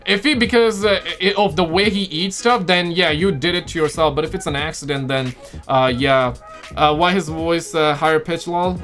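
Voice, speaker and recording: Excitable high-voiced male streamer. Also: normal speed, faint music behind. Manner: excitable, loud reactions, greets chat by name. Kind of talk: live-stream reaction chat.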